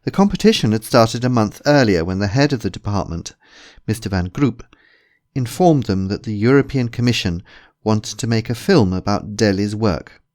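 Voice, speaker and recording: A man with a lowish voice narrates a comic short story at a steady, measured pace. His delivery is even and controlled. He sounds like a practised reader. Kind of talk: scripted narration.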